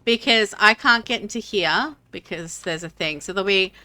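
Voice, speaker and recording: A woman's voice: mid-range voice, normal speed, bright, forceful tone. A woman streaming a game, chatting casually and rambling with many fillers and restarts. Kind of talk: casual gameplay chat.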